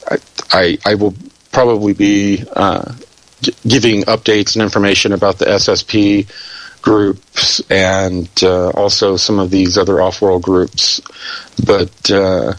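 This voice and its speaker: A man being interviewed who talks haltingly with many fillers and restarts, and says he is losing his voice. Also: sits low, dry recording, low-quality recording. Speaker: interview guest. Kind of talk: hesitant conversational interview.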